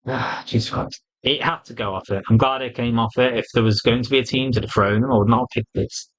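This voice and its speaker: A man with a medium-pitched voice talks quickly through a casual wrestling review, opinionated and blunt, swearing liberally and animatedly acting out quoted lines. The recording is low quality.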